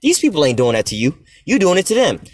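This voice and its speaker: Angry black guy ranting at a clip, cussing nonstop, talks fast. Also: fairly high pitch, wildly swooping pitch. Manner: profane, heated, preachy, addresses the clip directly. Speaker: commentator reacting to a clip.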